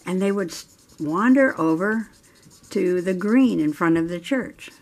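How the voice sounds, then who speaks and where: Middle-aged woman, lowish voice, unhurried, chatty crafting vlog host who laughs easily. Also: animated, a little mellow. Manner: chatty storyteller, laughs often. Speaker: journaling channel host. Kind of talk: casual crafting chat while coloring.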